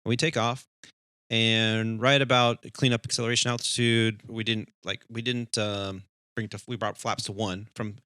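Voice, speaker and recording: In a lowish voice at normal speed, a man who co-hosts an aviation podcast and flies for an airline tells a cockpit story casually, animatedly acting out its voices. His tone is clean, and the studio-quality audio has no echo.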